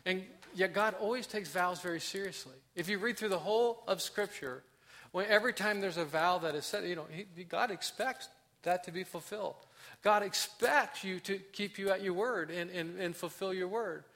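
A man delivers a sermon with real conviction, voicing prayers as if speaking them himself. His voice sits high and rings bright. On key points he slows right down and softens. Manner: impassioned preaching, acts out prayers, drops to soft emphasis. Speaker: pastor.

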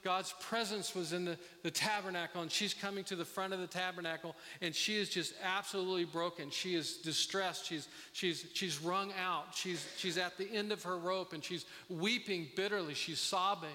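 A middle-aged man preaching a sermon as pastor, earnest and halting, with many restarts. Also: sits high, fairly even intonation, pushed and bright. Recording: long reverb of a hall.

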